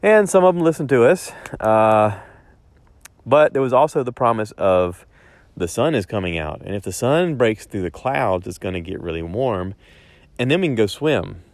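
A man's voice: on the low side, expressive, moderate pace, dry recording. Easygoing rambling man on a phone mic. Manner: rambling, self-correcting, easygoing storyteller. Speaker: vlogger. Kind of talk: casual spoken diary.

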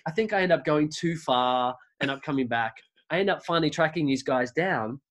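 A man's voice: a little high, expressive, fairly quick, fairly bright tone. Australian man telling a rambling story. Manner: rambling, many restarts and fillers. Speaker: podcast guest. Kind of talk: casual conversational storytelling.

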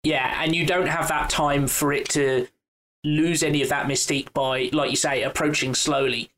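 A man's voice: a little high, steady tone, moderate pace, a bit bright, low-quality recording. A man co-hosting a casual film discussion, thinking aloud with frequent restarts and repeated words. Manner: hesitant, many restarts.

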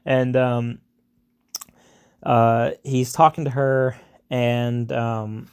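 A man's voice: medium pitch, fairly even intonation, very slow, clean tone. A man casually retelling a film plot in a rambling way, with many fillers and asides.

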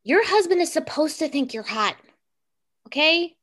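A woman's voice: high voice, expressive, normal speed, a bit bright. A young woman co-hosting a casual podcast chat, giving emphatic, playful advice to other women. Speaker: podcast co-host.

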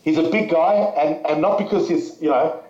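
A man's voice: on the high side, normal speed, darkish tone. Man talking frankly in an echoey room. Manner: frank and rambling, with many fillers and restarts. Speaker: podcast guest. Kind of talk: casual conversation. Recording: echoey, slightly dull audio.

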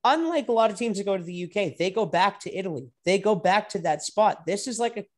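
A young man co-hosting a casual racing podcast, animated and profane, sometimes breaking into loud drawn-out shouts. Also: high-pitched. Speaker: podcast co-host. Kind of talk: casual sports chat.

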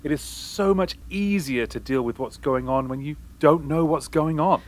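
A man co-anchoring a comedic mock news show with a wry, deadpan delivery. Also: fairly high pitch, normal speed.

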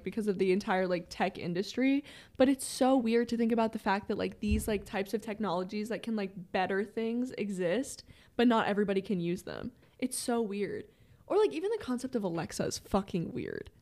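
A young woman co-hosting a casual chat, animated, laughing often and swearing freely. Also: mid-range voice, fairly quick. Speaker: podcast co-host.

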